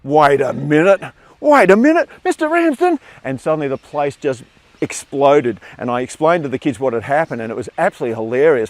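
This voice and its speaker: A man's voice: medium pitch, a little mellow. Older australian guy telling a school story live on stage, acting out the voices. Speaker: storyteller, former teacher. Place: theatre stage.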